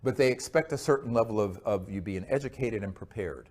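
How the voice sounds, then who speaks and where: Low male speaker, earnest lecture Q&A delivery, halting fillers. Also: a little mellow. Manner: earnest, unhurried, many fillers and restarts. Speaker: speaker answering audience questions. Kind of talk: lecture and Q&A talk.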